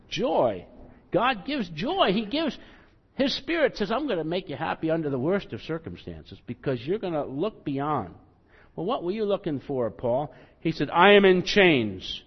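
A male pastor preaching a sermon in a conversational, self-deprecating way, acting out quotes with rising emphasis. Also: medium pitch. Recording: muffled, long hall reverb.

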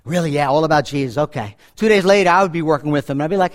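A middle-aged male pastor delivers a sermon in a fairly high voice. He tells personal stories with lively swings, dropping to hushed asides and rising to loud emphasis. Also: very fast, few pauses.

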